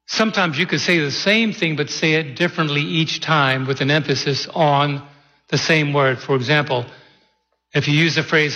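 A man preaching a sermon from the pulpit, praying and teaching in a deliberate way that stresses key words. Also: a little high, fairly even intonation, pushed and bright, big-room sound, dull audio. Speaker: pastor. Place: church sanctuary.

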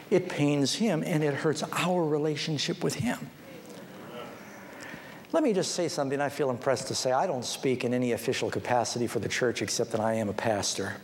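Through storytelling, a preaching pastor acts out the people he quotes, his pitch swinging widely, before turning to plead personally with his listeners. His sermon is captured with hall reverb and faint background noise.

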